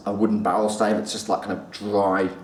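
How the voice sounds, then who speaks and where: Male reviewer, lowish voice, chatty and halting, echoey room, mic a bit far off. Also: little pitch movement. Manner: chatty, pausing, repeats words while thinking. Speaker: whisky reviewer. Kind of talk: casual spoken review. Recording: roomy echo, distant mic, faint room noise.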